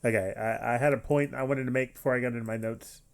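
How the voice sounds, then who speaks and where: A man streaming an anime reaction, talking casually and rambling with frequent restarts and animated outbursts. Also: mid-range voice, quick pace, gravelly.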